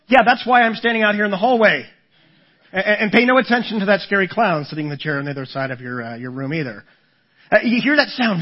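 Halting storytelling pastor, man. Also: sits high, dull audio. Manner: storytelling with lively acted-out voices; halting, repeats words when starting a thought. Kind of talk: sermon.

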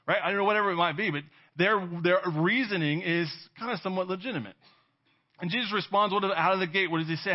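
A man's voice: a little high, lively intonation, fast. A man preaching a conversational sermon. He keeps checking in with "right?", laughs now and then and acts out quoted voices. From California. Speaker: pastor. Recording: dull lo-fi sermon audio.

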